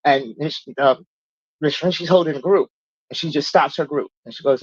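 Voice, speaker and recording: Speaking at a moderate pace in a slightly rough voice, this woman shares her recovery story over a laid-back livestream. She curses freely and talks bluntly, animatedly mimicking quoted people in a higher pitch, on a muffled recording with no room sound.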